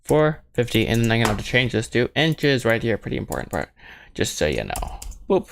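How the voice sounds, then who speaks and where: Streaming his film work, this animator rambles casually as he models at the computer, joking at his own expense in little asides. His medium-pitched, gravelly voice is very animated and a little fast, with a bit of hiss or hum present.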